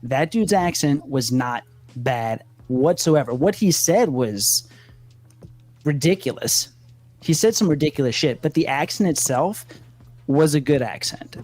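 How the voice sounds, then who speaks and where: A man's voice: on the high side, expressive, a little slow, darkish tone. A man with a Louisiana accent co-hosting a podcast, telling stories emphatically and swearing casually. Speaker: podcast co-host. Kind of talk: casual chat.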